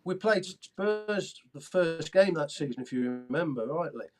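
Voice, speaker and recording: A former footballer in his sixties, appearing as an interview guest, tells stories casually and eagerly, tripping over his words with many restarts. His voice is on the high side, expressive and unhurried, with music playing in the background.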